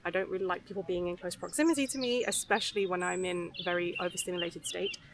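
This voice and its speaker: A young woman talking candidly to camera outdoors by a river, soft and unhurried with lots of fillers and restarts. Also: on the low side, background noise. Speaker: vlogger. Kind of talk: candid rambling talk to camera. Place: outdoors beside a river on a footpath.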